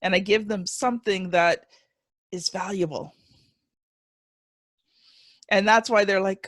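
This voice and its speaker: A woman's voice: mid-range voice, steady tone, fairly bright tone, dry recording, studio quality. A woman hosting a podcast interview, chatting encouragingly and sharing her own experience. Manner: encouraging, quick to laugh along. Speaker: podcast host. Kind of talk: conversational interview.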